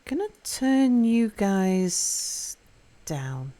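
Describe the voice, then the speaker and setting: A woman with a mellow, mid-range voice speaks in a sing-song way and extremely slowly while streaming a game live. She chats casually, reads chat aloud, and plays with pronunciation, with faint music in the background.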